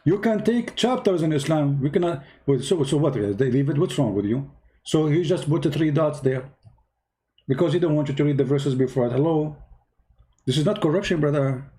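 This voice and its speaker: A man's voice: fairly high pitch, animated, moderate pace, warm tone. Combative, mocking man on a livestream. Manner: mocking, combative, repeats himself. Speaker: live stream host. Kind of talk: heated commentary.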